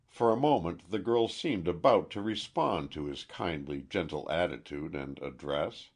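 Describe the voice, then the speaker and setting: A man reading a mystery audiobook aloud in a measured, expressive way. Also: sits low. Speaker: audiobook narrator.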